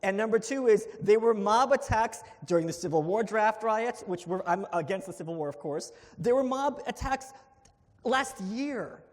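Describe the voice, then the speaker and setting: A man's voice: high-pitched, lively intonation, normal speed. A man debating before a live audience, combative and sardonic. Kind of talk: live debate closing statement. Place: event hall before an audience. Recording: long hall reverb.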